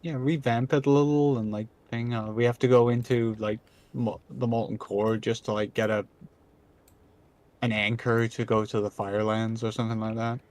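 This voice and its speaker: A man's voice: medium pitch, level tone, normal speed, darkish tone. A Scottish man streaming a game, chatting casually, joking and swearing freely. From Scotland. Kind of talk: casual gaming chat.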